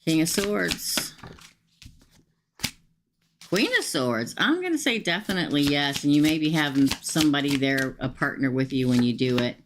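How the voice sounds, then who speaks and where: Lady doing live tarot readings, low voice, chatty, talks to herself a lot. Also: expressive, moderate pace, background noise. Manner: chatty, thanks viewers, talks to herself while pulling cards. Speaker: tarot reader.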